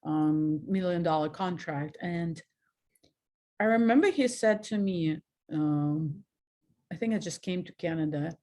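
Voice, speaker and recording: A woman in her forties from Russia with a Russian accent, telling frank personal stories as a guest, animated and laughing at herself. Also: on the low side, measured pace. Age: 40s. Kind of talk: candid personal storytelling.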